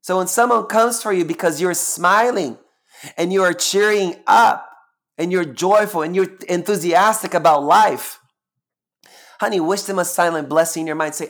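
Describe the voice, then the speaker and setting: A man's voice: high voice, moderate pace, a bit bright. A man hosting a live-streamed solo talk as a spiritual teacher, sassy and emphatic, preaching and repeating phrases for emphasis. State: close to tears at times.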